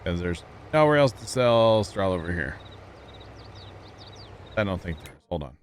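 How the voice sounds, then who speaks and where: A man's voice: sits low, sing-song, moderate pace, slight background noise. A man streaming a farming game live, chatting casually and easygoing with his chat and fellow players. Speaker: livestreamer.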